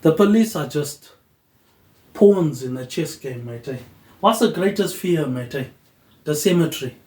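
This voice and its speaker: A man's voice: fairly high pitch, expressive, measured pace. Rambling New man in an echoey room. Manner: ends nearly every phrase with a quiet tag word; loose, drifting train of thought. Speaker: host. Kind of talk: rambling philosophical monologue.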